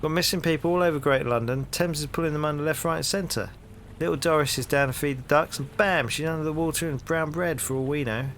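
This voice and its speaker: A man voicing a gruff, lazy male London street copper in a point-and-click game, talking in brash Cockney rhyming slang. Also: a little high, fast, fairly bright tone, slight background noise, voice pushed up.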